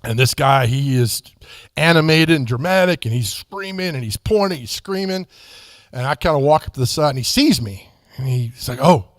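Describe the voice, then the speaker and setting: A man's voice: medium pitch, animated, normal speed, dry recording, studio quality. A man speaking at a church as a guest author, telling faith stories in an earnest, folksy way. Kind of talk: conversational church testimony with storytelling.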